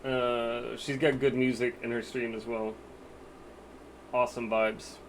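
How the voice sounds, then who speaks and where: A man's voice: medium pitch, level tone, unhurried, slight background noise. A man live-streaming a game, chatting casually with his viewers and thinking aloud about what to buy.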